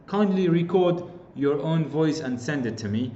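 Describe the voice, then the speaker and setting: Lively Kurdish-accented teacher, roomy lo-fi sound. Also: male voice, on the high side, normal speed. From Kurdistan region of Iraq. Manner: explains with repeated examples, frequent fillers. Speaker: English teacher. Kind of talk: online lecture. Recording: roomy, dull lo-fi recording.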